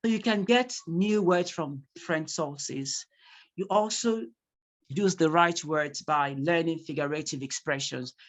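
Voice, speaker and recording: A public speaking teacher giving an online class over a video call, acting out examples with lively emphasis. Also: mid-range voice. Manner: animated, acts out examples.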